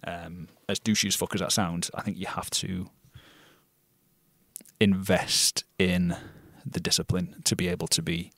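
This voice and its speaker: A British actor telling stories as a guest in a casual interview, blunt and swearing freely. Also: male voice, low-pitched, level tone, measured pace, fairly bright tone, dry recording, studio quality. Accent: non-RP British. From Britain.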